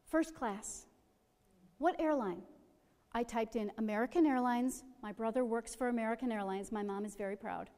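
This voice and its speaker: A woman's voice: on the high side, fairly even intonation, fast talker, few pauses. Middle-aged woman telling a story in a reverberant hall. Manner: gentle, humorous storytelling. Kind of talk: personal storytelling.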